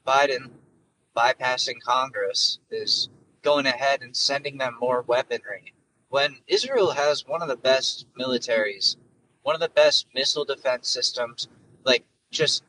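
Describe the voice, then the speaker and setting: A young man in his twenties talking on his own in a loose, profane, jokey ramble full of fillers. His voice is mid-pitched and sits a little far from the mic, with a faint hiss of background noise. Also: pushed and bright. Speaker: podcast host. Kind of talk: casual solo monologue.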